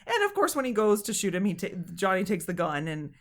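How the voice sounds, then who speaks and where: A woman co-hosting a podcast, chatting casually about a movie, laughing often and acting out scenes in quick little voices. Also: mid-range voice, wildly swooping pitch. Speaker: podcast co-host. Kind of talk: casual movie review chat.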